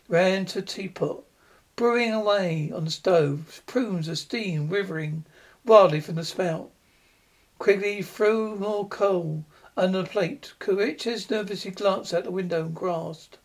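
A man's voice: sits high, measured pace. A man narrating a dramatic story aloud.

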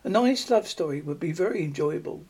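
A prim, fussy wife scolding her husband, put on by a man reading a story aloud. The voice sits fairly high and keeps slipping into small stumbles and restarts. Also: animated, fairly quick, a little mellow, slightly rough.

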